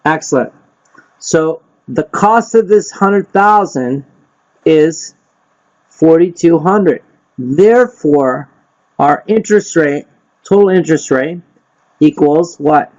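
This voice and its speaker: A man's voice: a little high, takes it slowly, long pauses, a little mellow. A man leading a live lesson on loan interest, quizzing his group and tagging "right?" onto his points. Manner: quizzes the group, repeats himself, frequent "right?" and "okay?". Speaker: real estate investing instructor. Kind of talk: live teaching session. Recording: dull lo-fi sound.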